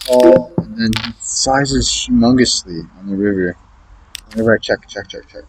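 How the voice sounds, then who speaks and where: A man's voice: lowish voice, moderate pace, slight background noise, poor audio. A man thinking aloud through his online poker hands, muttering his reads and swearing in exasperation at opponents' plays. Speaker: online poker player streaming his session. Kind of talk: casual thinking-aloud game commentary.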